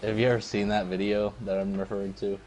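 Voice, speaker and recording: A man's voice: lowish voice, level tone, fast talker, a little mellow, slight background noise. A man gaming with a friend, making wry quips and laughing often. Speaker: gamer co-host. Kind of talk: casual gaming chat.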